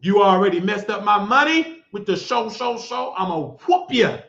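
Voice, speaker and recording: A man's voice: sits high, expressive, normal speed, a bit bright. A middle-aged man hosting a talk show, delivering a scolding, mocking, preachy rant. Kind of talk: ranting monologue. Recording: echoey lo-fi room sound.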